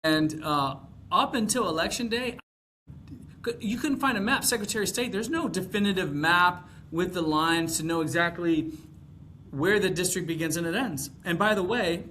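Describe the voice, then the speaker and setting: A man's voice: sits high, normal speed, pushed and bright, slight background noise. A man from Texas, a congressional candidate, talking in a casual podcast conversation, rambling with frequent fillers and restarts.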